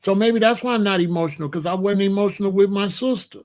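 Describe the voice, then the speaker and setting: Talking fast in a voice that sits high and has a darkish tone, a male show host in his late sixties spins family stories. It's a casual storytelling monologue, streetwise and boastful, loaded with slang.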